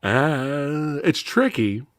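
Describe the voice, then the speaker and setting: A man hosting a casual live movie review, telling stories with lively delivery and acting out the voices of people in them. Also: on the high side, extremely slow, dry recording, studio quality. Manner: animated storyteller, acts out voices, laughs loudly. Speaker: podcast host.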